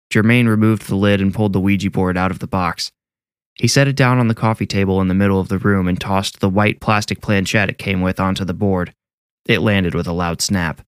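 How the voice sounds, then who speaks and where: A young man narrating a horror story in a steady, measured reading. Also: sits low, clear, resonant tone, no echo, clean studio sound.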